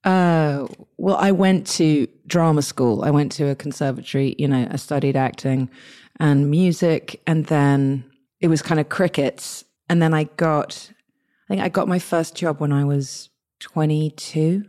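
English woman guest, low mellow voice, chatty storyteller who restarts a lot. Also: a little slow. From England. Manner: lively, chatty, many restarts and quoted asides. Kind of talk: casual interview storytelling.

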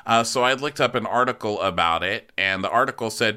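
A man's voice: fairly low pitch, brisk, few pauses, sharp tone, clean tone. A man hosting a podcast, rambling through a comedic recap and laughing often. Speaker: podcast host.

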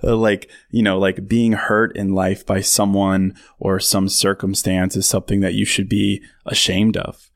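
A man's voice: sits low, flat delivery, a little slow, creaky, dry recording, clean studio sound. A man hosting his own podcast, talking casually to listeners, laughing often and full of fillers. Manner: chatty, laughs often, many fillers, mock voices for quotes. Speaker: podcast host. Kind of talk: casual solo podcast monologue.

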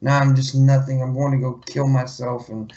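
A man's voice: medium pitch, little pitch movement, normal speed, dark tone. A man co-hosting a podcast in casual chat, profane and mock-despairing, on dull lo-fi podcast audio. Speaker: podcast co-host.

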